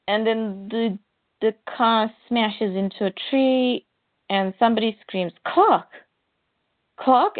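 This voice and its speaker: A woman's voice: mid-range voice, no room sound, phone-quality sound. Woman recapping a comic, casual, reads the lines out, dry phone-ish sound. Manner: reads dialogue aloud with small voice changes. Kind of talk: casual chat retelling a comic.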